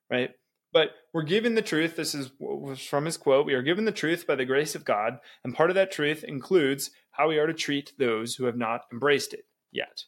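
Guy w a higherish voice reading a book out loud on a podcast, super emphatic, keeps saying right?. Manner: emphatic, keeps asking "right?", laughs between points. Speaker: podcast co-host. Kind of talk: reading a book aloud and commenting.

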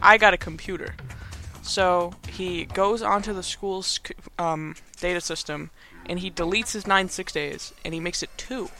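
A man's voice: high voice, measured pace, few pauses, pushed and bright, faint music behind. A man hosting a podcast, casually recapping a movie in a rambling, chatty way with frequent laughs. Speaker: podcast host. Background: movie soundtrack playing faintly.

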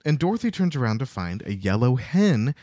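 A man chats through a book recap with his friends, playful and easygoing. His pitch rises and falls freely. The sound is close and dry. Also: very animated, brisk, dark tone, no room sound. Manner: playful, chatty. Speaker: podcast co-host. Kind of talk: casual chat, retelling a book.

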